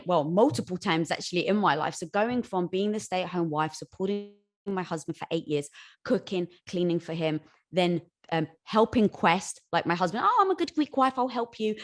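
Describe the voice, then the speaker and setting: A woman's voice: lowish voice, moderate pace. A woman interview guest speaking in an earnest, encouraging way. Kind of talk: conversational interview.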